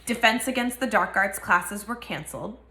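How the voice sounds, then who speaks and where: A woman's voice: mid-range voice, expressive, moderate pace, pushed and bright, reverberant. A woman reading a novel aloud and giving each character a voice. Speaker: reader.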